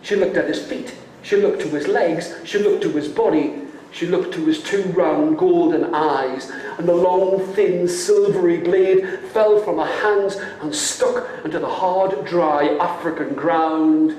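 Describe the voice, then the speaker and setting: A man's voice: on the high side, normal speed, a little mellow, a little hiss or hum. A man from the UK telling a folk tale live, dramatic and playful, leading the audience to join in. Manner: dramatic, playful, leads call-and-response. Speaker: storyteller. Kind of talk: live storytelling with audience participation. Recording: echoey room.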